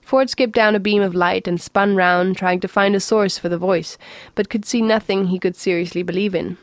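A woman reads a story aloud in an even, measured way. Her voice is dry and close to the mic, with no room sound. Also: mid-range voice, no echo. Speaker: narrator. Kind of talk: audiobook reading.

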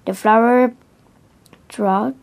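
A woman reading a children's storybook aloud, slowly and carefully, stumbling over and restarting some words. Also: fairly high pitch, fairly even intonation, creaky. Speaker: reader.

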